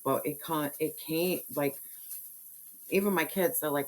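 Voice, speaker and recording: A woman's voice: deep voice, unhurried, low-quality recording. A woman giving a spiritual tarot reading, talking bluntly and passionately with lots of slang and swearing. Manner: blunt, slangy and profane, fiery preaching tone. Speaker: tarot reader.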